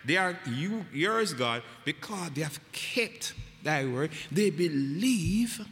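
A man's voice: on the high side, expressive, takes it slowly, a bit bright. A man preaching a Bible study, emphatic and repetitive, asking the congregation questions as he teaches. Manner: emphatic, repeats phrases, asks the congregation questions. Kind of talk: sermon-style Bible teaching. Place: church hall. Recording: echoey hall with long reverb.

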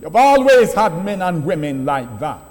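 A man preaching a sermon, emphatic, repeating words and slowing down to stress phrases. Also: a little high, very animated, darkish tone, big-room sound.

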